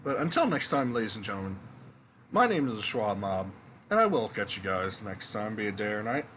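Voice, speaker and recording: A man's voice: fairly low pitch, big pitch swings, brisk, a bit bright, slight background noise. A man hosting a casual game let's play, joking and rambling with loose swearing. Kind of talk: casual gameplay commentary.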